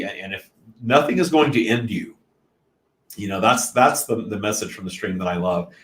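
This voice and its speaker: A man hosting a spiritual live stream, talking earnestly and reflectively in a casual way. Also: mid-range voice. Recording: echoey room.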